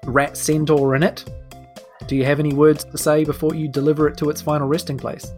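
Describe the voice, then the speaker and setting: A man running a tabletop role-playing game as game master, narrating scenes in a relaxed, laughing way. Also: on the high side, brisk, soft background music.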